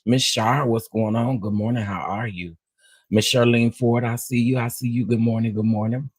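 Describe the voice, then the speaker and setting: Man, livestream host, AAVE speech, husky, dry close sound, playful chat. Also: medium pitch, moderate pace, no echo. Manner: animated, greets viewers one by one, playful.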